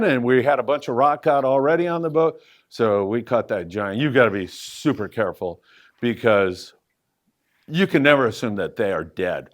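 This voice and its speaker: A middle-aged man at a live event spins fishing stories into a handheld mic. He has a medium-pitched, everyday voice and rambles with plenty of fillers. His pitch jumps up whenever he makes a point. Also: moderate pace. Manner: lively anecdotal storyteller with loose fillers, pitch jumping up for emphasis. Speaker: fishing show host answering audience questions. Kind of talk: live Q&A storytelling. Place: event room with a live audience.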